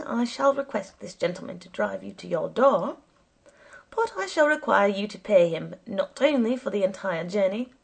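A woman's voice: medium pitch, gravelly, slightly rough, full character voice. A woman voicing a stern, fussy male police commissioner who speaks formally and precisely.

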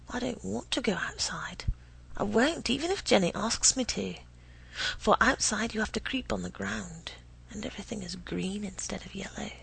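Slow, gravelly-voiced woman reading a story. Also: medium pitch, poor audio. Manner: often drops to an unvoiced whisper. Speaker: reader. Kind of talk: dramatic reading of a first-person story.

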